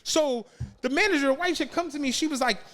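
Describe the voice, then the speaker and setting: A man's voice: very high voice, fast. A man, a podcast co-host telling a long profane story and acting out the people in it. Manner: animated, profane, acts out the people in his story. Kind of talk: casual storytelling chat.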